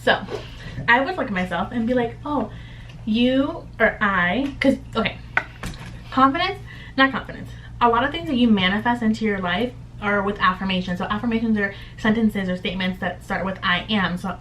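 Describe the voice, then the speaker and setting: A woman's voice: fairly high pitch, moderate pace, a bit bright, a little hiss or hum, low-quality recording. A young woman vlogging at home in a chatty, upbeat, candid way, full of "like" fillers. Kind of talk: casual chat to camera.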